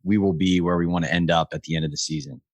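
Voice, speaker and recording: Male podcast host, very deep voice, dead-dry recording, relaxed conversational delivery. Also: fast talker, no room sound. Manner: relaxed and conversational, with hedging fillers. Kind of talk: casual chat.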